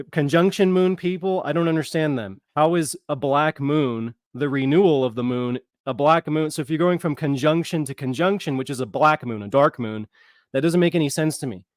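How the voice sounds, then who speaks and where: A man's voice: a little high, no room sound, studio quality. A man hosting his own channel, giving a casual live-streamed Bible lesson, talking informally and stopping to sound out Hebrew words. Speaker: channel host, Bible teacher.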